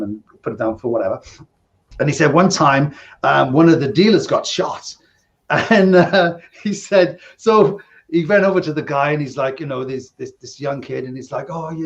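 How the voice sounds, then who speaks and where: Gravelly man telling casino stories. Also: on the high side, normal speed, lo-fi sound. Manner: rambling anecdotes with frequent "right?" and laughs. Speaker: podcast co-host, former casino dealer. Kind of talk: casual storytelling chat.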